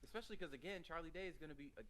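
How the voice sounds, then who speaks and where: A man's voice: fairly high pitch, rapid-fire, bright, forceful tone. A man co-hosting a podcast in casual chat, opinionated and laughing often. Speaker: podcast co-host.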